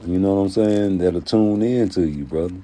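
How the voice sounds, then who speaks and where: A man's voice: low voice, moderate pace. A man hosting his own channel, talking in a profane, streetwise casual rant. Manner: profane, streetwise, animated storytelling. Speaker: YouTube commentary host.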